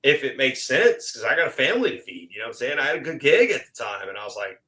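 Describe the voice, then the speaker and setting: A man's voice: mid-range voice, fast talker, rough recording. A middle-aged man, a guest on a casual chat show, telling a long story and acting out what people said. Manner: animated, acts out quoted exchanges.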